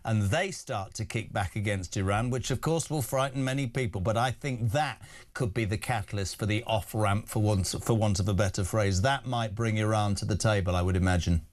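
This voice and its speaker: A man's voice: on the low side, normal speed. A man hosting a breakfast talk show, speaking in an indignant, emphatic way as he gives his opinions. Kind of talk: opinionated radio debate.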